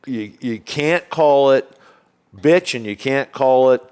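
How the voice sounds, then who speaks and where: A man from Illinois, a golf course owner telling stories as a podcast guest in animated casual talk. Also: mid-range voice, slow, smooth. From Springfield, Illinois, USA. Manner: animated, acts out other people's lines in quoted speech. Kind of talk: casual storytelling.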